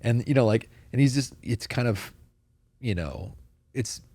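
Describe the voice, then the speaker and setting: A man's voice: medium pitch, expressive, unhurried, mellow, slightly rough, no echo. A man in casual conversation on a church podcast, talking earnestly and telling stories with many fillers.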